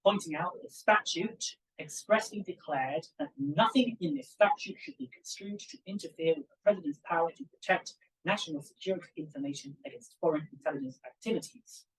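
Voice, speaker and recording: A young man, a PhD student, giving an academic conference talk in an animated, emphatic way with asides to the audience. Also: on the high side, fairly quick, recorded from a distance, low-quality recording. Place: conference room.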